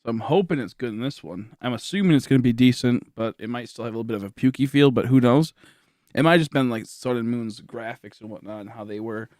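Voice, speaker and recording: A young man livestreaming from home, tired and rambling as he chats with his viewers. His pitch sits in a middling range, and he talks out loud as he weighs what to do next, leaning on filler words. The recording is close and dry, with no room sound. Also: fast, no echo. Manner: rambling, filler-heavy, thinking aloud. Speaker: game streamer. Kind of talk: casual livestream chat to viewers. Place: at home, indoors.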